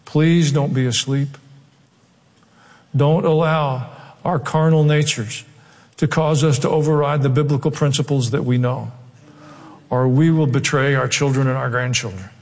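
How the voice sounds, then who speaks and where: Southern pastor preaching in a reverberant hall. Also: male voice, medium pitch, steady tone, unhurried, a little mellow. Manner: earnest, emphatic preaching with repeated exhortations. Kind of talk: sermon.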